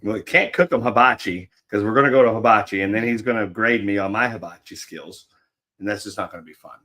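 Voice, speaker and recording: A man's voice: fairly low pitch, quick pace, bright, forceful tone. A middle-aged man co-hosting a livestream, rambling and joking in casual chat with viewers and his partner. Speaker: livestream co-host.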